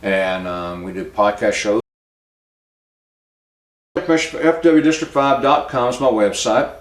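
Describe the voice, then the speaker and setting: A plainspoken man hosts a local commentary show at an ordinary middle pitch, halting now and then. His voice rings around a bare, echoey room. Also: expressive. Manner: plainspoken and halting, cues a producer for pictures. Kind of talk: casual spoken commentary.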